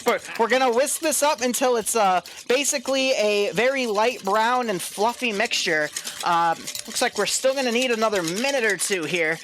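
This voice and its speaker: A man's voice: very high-pitched, normal speed, a bit bright, slight background noise. A man hosting a live stream, playfully talking through a recipe like a mock cooking show and swearing often. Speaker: stream commentator. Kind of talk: joking live-stream banter.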